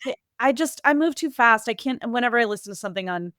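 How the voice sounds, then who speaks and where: A woman with a New England accent talking casually as a podcast guest, quick and lively with many fillers and restarts. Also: on the high side, dry recording, clean studio sound. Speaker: podcast guest, marketing executive. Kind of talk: casual interview talk.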